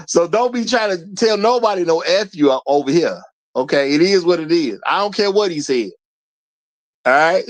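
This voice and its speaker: A man's voice: on the high side, lively intonation, moderate pace. A man hosting a livestream, talking bluntly and lecturing his chat in casual commentary. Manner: blunt, preachy, talks straight to the chat. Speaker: livestream host.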